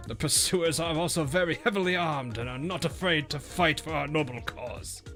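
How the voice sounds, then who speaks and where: A man voicing a pompous male monk cult leader in a rich, deep put-on voice, reading game dialogue aloud with a haughty, theatrical villain manner. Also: normal speed, sharp tone, faint music behind.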